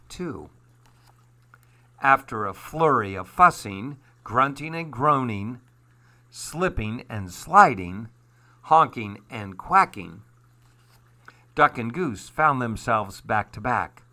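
A man reading a children's storybook aloud with gentle, unhurried storytelling. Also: medium pitch, lively intonation.

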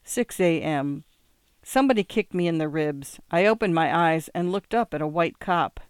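A man's voice: a little high, animated, moderate pace, clear, resonant tone, dry recording, studio quality. A man reading a first-person story aloud in a wry, plain-spoken way. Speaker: audiobook reader.

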